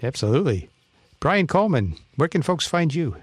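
A man's voice: fairly high pitch, big pitch swings, normal speed, slightly rough, no echo. Man hosting a podcast wrap-up. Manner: friendly, running through plugs and handing off. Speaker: podcast host. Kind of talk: casual podcast outro.

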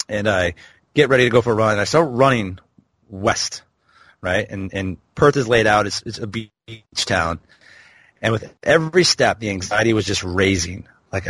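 A man's voice: lowish voice, a bit bright, no echo. A man in his thirties, a podcast guest, candidly telling a personal story in a reflective way. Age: 30s. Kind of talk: storytelling interview.

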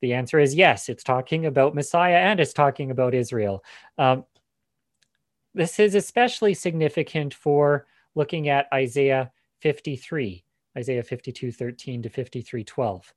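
A man's voice: medium pitch, moderate pace, dry recording. Man teaching scripture, dry close sound. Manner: explanatory, frequent fillers and restarts. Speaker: Bible teacher.

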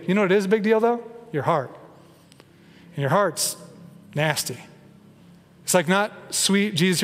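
A man's voice: high voice, lively intonation, normal speed, pauses often. A man preaching a conversational sermon as pastor in a church, often slipping into playful mock voices. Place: church sanctuary. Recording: long hall reverb.

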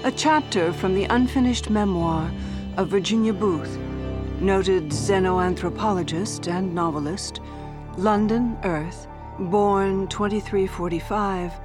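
A woman narrating a first-person story in a measured, expressive way. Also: mid-range voice, music in the background. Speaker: audiobook narrator.

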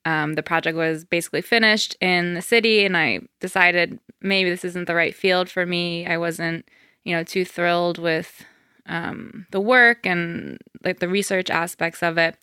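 A woman's voice: on the low side, steady tone, a little slow, pushed and bright, clean tone, no room sound, studio quality. A woman, a wedding planner telling her story as a podcast guest, chatty and full of "um" and "like". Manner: chatty, many fillers like um and like. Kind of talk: casual interview.

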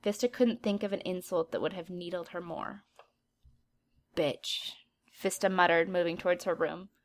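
A woman narrating a story aloud in an even, steady storytelling manner. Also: fairly low pitch, brisk.

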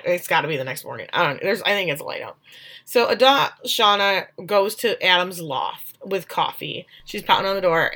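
A woman co-hosting a podcast, chatting casually and acting out the lines she quotes as she recaps a show. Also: on the low side. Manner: animated, acts out quoted lines. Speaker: podcast co-host.

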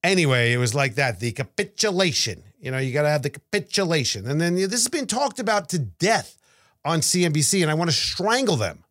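A fast-talking man with a fairly high voice co-hosts a podcast, casually rambling about markets, restarting with stammers and repeating words in an animated way. The studio sound is clean, with no echo.

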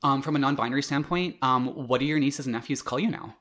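A young man co-hosting a podcast, chatting playfully with quick jokes and wordy asides. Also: medium pitch, fairly bright tone. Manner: playful, jokey, wordy interjections. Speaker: podcast co-host. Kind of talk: casual chat.

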